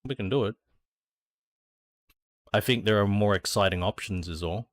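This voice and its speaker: A man's voice: on the low side, normal speed, dry recording. An Australian man streaming a racing sim, chatting casually to viewers, thinking aloud and swearing freely. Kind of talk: casual gameplay chat.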